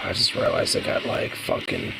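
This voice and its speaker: A man's voice: normal speed, very noisy. A young man vlogging casually, talking to his dog in cooing baby talk and swearing offhandedly.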